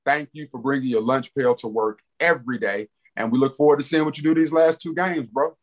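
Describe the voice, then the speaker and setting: A man co-hosting a casual sports podcast, talking in an animated, emphatic way and repeating his catchphrases. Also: medium pitch, a little fast. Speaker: podcast co-host.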